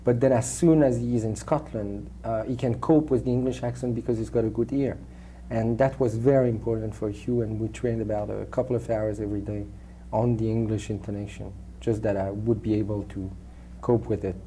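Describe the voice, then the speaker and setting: Man, French accent, very dark mellow timbre, hesitant interview answers, faint background hum. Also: fairly low pitch, steady tone. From Switzerland. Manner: halting, many restarts and fillers. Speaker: actor, interview guest.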